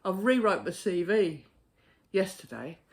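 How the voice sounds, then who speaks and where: A man chatting casually to camera, a postal worker telling stories in a blunt, sweary, animated way. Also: high-pitched, a little slow.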